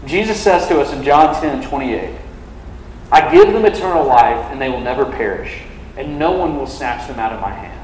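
A man's voice: medium pitch, expressive, normal speed, a little mellow, slight background noise. Young man preaching in an echoey hall. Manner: conversational, frequent "like" fillers. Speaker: campus ministry preacher. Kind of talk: sermon.

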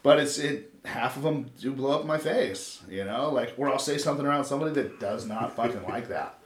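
A man in his thirties from Los Angeles tells a long story in a casual, rambling way, full of swearing and asides. His voice sits at an ordinary middle pitch. The sound is roomy and echoey, like a podcast taped in a bare room. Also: brisk. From Los Angeles, USA. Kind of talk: casual chat. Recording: roomy echo.

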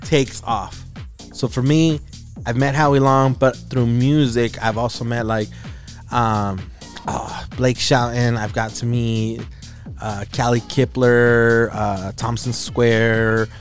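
A man's voice: medium pitch, slow, soft background music. A man co-hosting a radio show, chatting casually and telling stories with energy. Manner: animated storyteller, acts out quotes. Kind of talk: casual chat.

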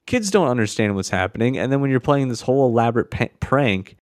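A man's voice: mid-range voice, lively intonation, fast talker, no echo, studio quality. A man co-hosting a podcast, ranting in casual chat in an exasperated way. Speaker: podcast co-host.

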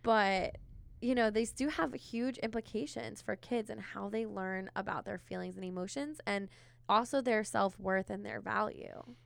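A woman's voice: mid-range voice, normal speed, gravelly, dry recording. A woman therapist co-hosting a podcast, chatting casually and filling her talk with "like" and "you know.". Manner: conversational, many filler words.

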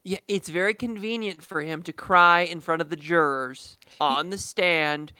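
A man's voice: on the high side, unhurried, sharp tone, clear, resonant tone, no room sound. A man co-hosting a casual podcast from his living room, heated and profane, talking over his partner. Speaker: podcast co-host.

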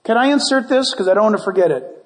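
A man preaching a sermon as pastor, animated and conversational with jokes. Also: high voice, fast talker. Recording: long church hall reverb.

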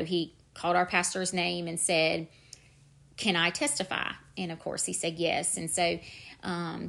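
A woman's voice: medium pitch, fairly bright tone. A middle-aged woman, telling her personal faith story on a podcast in an earnest, emphatic way. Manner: earnest, emphatic, repeats "I'm telling you". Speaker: podcast host.

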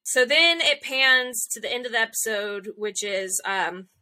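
Bright, lively woman recapping a show. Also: fairly high pitch, measured pace. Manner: animated retelling, acting out character lines. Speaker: podcast co-host. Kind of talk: casual episode recap.

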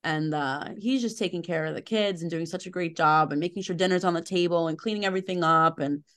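A woman's voice: lowish voice, fast talker. Chatty, self-deprecating woman telling stories. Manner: animated storyteller, self-deprecating, frequent fillers. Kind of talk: casual chat.

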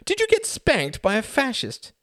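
Male reader voicing a loud, tipsy flirt: shrill high falsetto, teasing, brash, dry close sound. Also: huge pitch swings, moderate pace, no echo, heavily acted.

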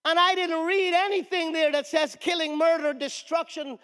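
A male pastor preaching a sermon emphatically, with shouted peaks and call-and-response with the congregation. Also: extremely high pitch, level tone, normal speed. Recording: long reverb of a large hall.

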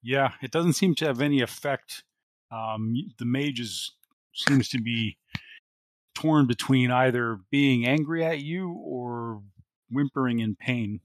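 A man's voice: medium pitch, a little slow, dry recording. A man running a tabletop role-playing game as game master, narrating the action and working through the rules as he goes. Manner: narrates action and rules, with many fillers and restarts.

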